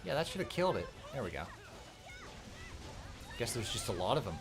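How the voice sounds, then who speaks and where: An excitable man gives casual commentary while he plays through a video game, swearing now and then. His pitch swings widely as he reacts, and faint game music plays behind him. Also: a little fast.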